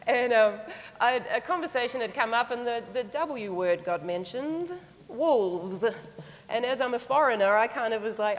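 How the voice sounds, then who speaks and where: A woman's voice: fairly high pitch, a little slow, in a large hall, low-quality recording. A woman giving a conference talk, telling a story in an earnest, reflective way. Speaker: conference speaker.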